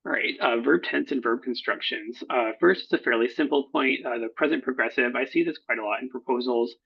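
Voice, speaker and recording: Gravelly man giving a halting lecture. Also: medium pitch. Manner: halting, frequent fillers and self-corrections. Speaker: proposal editor. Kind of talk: recorded workshop lecture. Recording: dull lo-fi recording.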